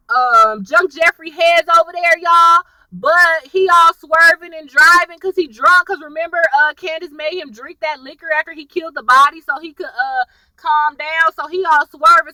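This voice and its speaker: A woman tells her viewers what happened in an episode, animated and chatty. Her voice sits high and sounds very bright and sharp. She is a little distant from the mic in a dry room. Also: dry recording. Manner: animated, chatty storytelling, addresses viewers directly. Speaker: TV episode reviewer. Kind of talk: casual episode recap to viewers.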